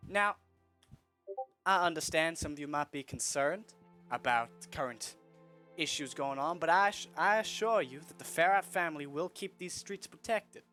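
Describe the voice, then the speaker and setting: A man voicing a gracious casino host who speaks smoothly and reassuringly. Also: on the high side, normal speed, bright, forceful tone, faint music behind.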